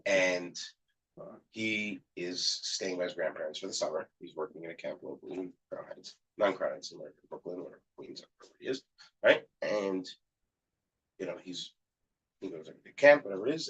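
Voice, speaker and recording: A man's voice: low-pitched, moderate pace, fairly bright tone, slightly rough, low-quality recording. A man on the staff of a yeshiva, telling a story in casual conversation and acting out the people in it.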